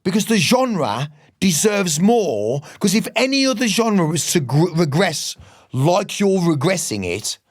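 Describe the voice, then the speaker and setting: A man's voice: high voice, very animated, measured pace, dry recording, studio quality. Sweary middle-aged man. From West Midlands, England. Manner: swearing, rambling, passionate. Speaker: musician guest. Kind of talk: casual interview chat.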